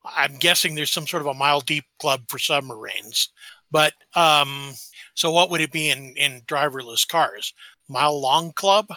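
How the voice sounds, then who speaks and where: A man's voice: fairly high pitch, moderate pace, bright, forceful tone, no room sound. A man co-hosting a casual podcast, joking around and telling rambling stories. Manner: jokey, tells rambling anecdotes. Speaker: podcast co-host. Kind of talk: casual chat.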